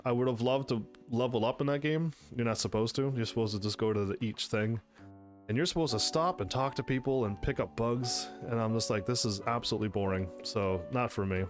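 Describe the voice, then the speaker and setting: A man hosting his own channel, looking back over his old gaming videos in casual, rambling commentary, full of restarts and bursts of laughter. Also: mid-range voice. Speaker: channel host.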